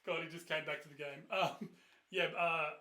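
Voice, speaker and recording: A man's voice: fairly high pitch, fairly even intonation, normal speed, sharp tone, reverberant. A man running a tabletop game as game master, narrating with a rambling, laughing manner.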